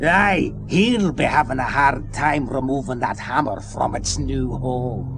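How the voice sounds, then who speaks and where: An actor playing a grumpy, brusque bearded dwarf with a gravelly dwarven brogue. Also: male voice, medium pitch, unhurried. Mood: gruff. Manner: brusque, ordering about. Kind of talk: 1990s adventure game voice acting. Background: game music.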